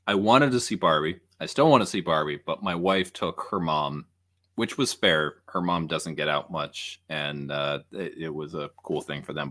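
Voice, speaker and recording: Deep-voiced man chatting loosely. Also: a bit bright. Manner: rambling, questioning. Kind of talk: casual chat.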